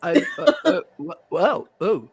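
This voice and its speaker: Man, co-host, high voice, wry and mock-formal. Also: big pitch swings, unhurried, a crowd in the background. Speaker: podcast co-host. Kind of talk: casual book discussion.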